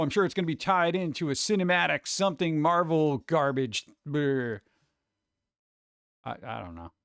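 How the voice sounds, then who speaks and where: Give me a jokey male streamer with a fairly high, smooth voice. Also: a bit bright, no echo, studio quality. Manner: rambling, jokey, reacts to chat aloud. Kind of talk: casual live-stream chat.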